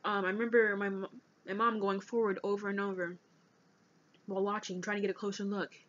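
A young woman of eighteen speaks in a personal confessional vlog, earnest and halting as she works through her notes. Her voice sits at a middle pitch for a woman. The recording is dull and lo-fi. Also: level tone, fairly bright tone. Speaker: vlogger.

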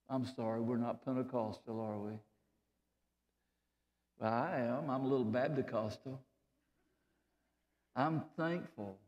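Impassioned Southern preacher in a reverberant church. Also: male voice, lo-fi sound. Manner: impassioned preaching, swinging between loud climaxes and low quiet passages. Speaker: pastor. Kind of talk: sermon. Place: church sanctuary.

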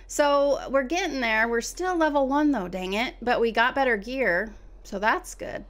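A woman streaming a co-op game, giving casual commentary in an excitable manner, often exclaiming and laughing. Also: a little high, a little slow. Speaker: gaming streamer.

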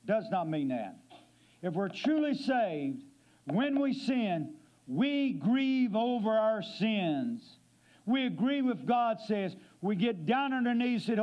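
A man's voice: sits high, big pitch swings, slow pace, highs cut off. A man preaching as a guest speaker in a church, emphatic and asking his listeners questions. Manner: emphatic, asks the congregation questions. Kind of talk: sermon. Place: church sanctuary.

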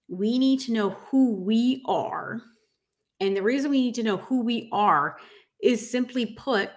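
A woman in her thirties with a mid-range, slightly bright voice coaches dog grooming businesses. In a casual rant to camera, she speaks frankly and emphatically, addressing her viewers as "guys."

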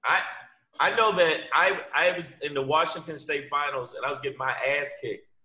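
A man's voice: on the high side, normal speed, sharp tone, echoey room. A man, a fighter guest on a podcast, talking emphatically and swearing. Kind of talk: casual chat on a video call.

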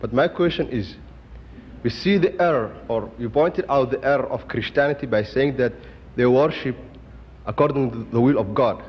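Husky guy in the crowd stumbling thru his question, muffled hall recording w echo. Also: medium pitch, normal speed. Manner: hesitant, many fillers and restarts. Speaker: audience questioner. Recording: dull lo-fi hall with long reverb.

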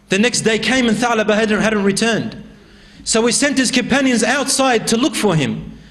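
A male preacher narrates a religious story with a high voice. His delivery is dramatic and emphatic, and he swings between raised passages and hushed ones. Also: expressive, moderate pace. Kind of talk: storytelling sermon.

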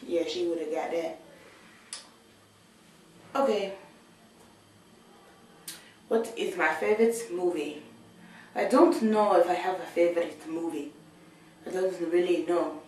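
A teenage high school girl, talking sassy and playful in a video diary from her bathroom. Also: unhurried, long pauses, a little mellow, heavy reverb, far from the mic, a little hiss or hum, low-quality recording. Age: teens. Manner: sassy, playful, talks to the camera. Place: bathroom with shower.

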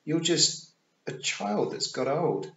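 Clever stubborn little girl voiced by a man, calm, firm, lively lilt, storybook. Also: fairly high pitch, takes it slowly, gravelly, roomy sound, highs cut off, pitched above the performer's own voice, heavily acted. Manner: calm, firm, matter-of-fact. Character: stubborn, clever nine-year-old girl.

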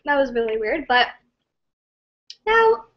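A woman hosting a casual live stream, reading viewer comments in an excitable, scattered and giggly way. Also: sits high, slow pace, lo-fi sound.

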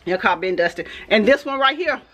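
A woman's voice: a little high, expressive, fairly quick. A middle-aged mother teases her grown daughter in a playful, joking voice, and her talk is full of praise. She speaks indoors in the house, with a faint hiss in the background. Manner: teasing, joyful, praises God. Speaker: vlogger's mother. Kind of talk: casual family banter.

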